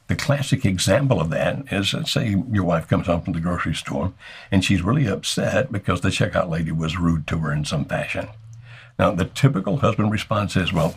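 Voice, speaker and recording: An older man speaks in a low, gravelly register with a husky edge to his voice. He gives marriage advice in a folksy way, playing out small husband-and-wife exchanges as he goes. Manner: folksy, acts out little dialogues with chuckles. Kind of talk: advice talk to camera.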